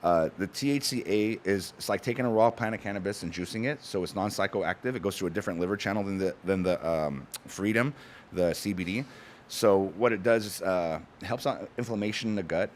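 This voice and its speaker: A man on a talk show, telling stories in a fast, animated, casual way with frequent restarts. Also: sits low, a little hiss or hum. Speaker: guest, cannabis company founder. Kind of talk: casual chat.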